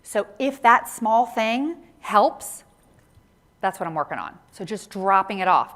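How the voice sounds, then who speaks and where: A woman giving an interactive conference talk on workplace inclusion, animated and often checking in with the audience with a quick "right?". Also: medium pitch. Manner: animated, tags lines with "right?" to engage the audience. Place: conference session room.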